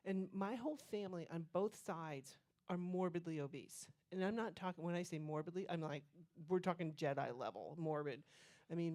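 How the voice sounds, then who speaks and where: A woman's voice: lowish voice, darkish tone. A woman leading a cooking demonstration as a nutrition educator, telling stories in a chatty way and checking in with "okay?". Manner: chatty storyteller, keeps asking "okay?". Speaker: plant-based nutrition educator.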